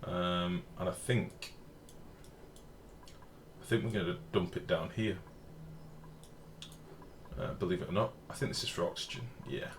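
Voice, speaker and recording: A man with a low voice, talking through a live game stream in a loose, chatty way and answering viewers as he plays. He swears casually, and faint street sounds drift in from an open window. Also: a little slow, long pauses. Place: home room with the window open. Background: faint outdoor street noise.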